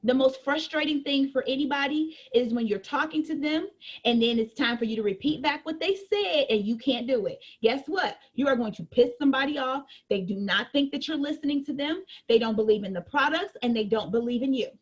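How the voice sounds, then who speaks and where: A woman with a high voice leads a sales training session. She talks straight to her audience in a lively, chatty way. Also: brisk. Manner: lively, conversational, addresses listeners directly.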